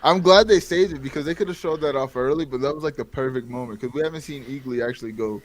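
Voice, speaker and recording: A man co-hosting a casual pop culture chat, talking excitedly and laughing often. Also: medium pitch, fast talker, low-quality recording. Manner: excited, laughing, quoting scenes. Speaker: co-host.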